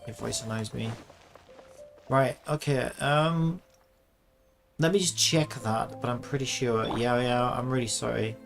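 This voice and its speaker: A man with a gravelly, creaky edge narrates his gameplay live, veering between excitement and sarcastic grumbling. His voice sits in an ordinary middle register, with faint game music underneath. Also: medium pitch, unhurried. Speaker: gaming streamer.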